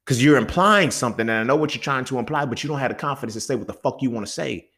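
A young man hosts a solo podcast in a casual monologue, racing along in a mid-range, slightly bright voice. He's heated and profane, often asking the listener whether they feel him.

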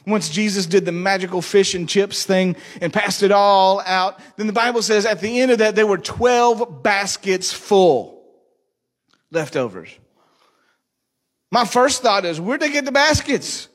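A man's voice: high voice, measured pace. A male pastor preaching a sermon, joking and asking the congregation questions. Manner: jokey, asks the congregation questions.

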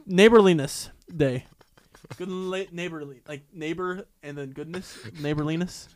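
Playful young man with a higher voice. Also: normal speed, dry recording. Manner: playful, stumbles over words, stubborn arguer. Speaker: podcast co-host. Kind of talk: casual chat.

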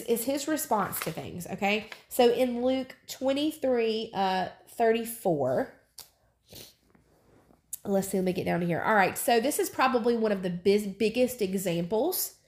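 A woman teaching the Bible casually, earnest and emphatic, repeating her phrases and rising sharply in pitch.

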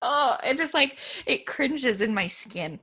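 A woman co-hosting a casual chat, opinionated and animated, often laughing as she talks. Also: sits high, a little slow, slightly rough. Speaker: podcast co-host.

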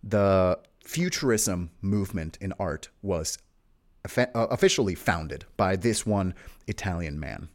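A man's voice: low-pitched, animated, a little slow. A young man hosting a casual history podcast, telling the story in a playful, teasing way with jokes along the way. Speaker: podcast host.

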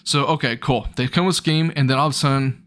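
A young man with a mid-pitched voice talks through an episode recap in an easygoing, rambling way. His delivery is loose and chatty, and his pitch leaps upward when he gets excited. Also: quick pace. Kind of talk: casual retelling of an anime episode.

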